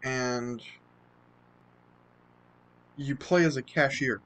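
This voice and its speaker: A man's voice: mid-range voice, extremely slow, a bit bright, slight background noise, low-quality recording. A young man chatting casually as he plays through a horror game, self-deprecating and chatty. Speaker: let's play host. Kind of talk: casual gameplay commentary.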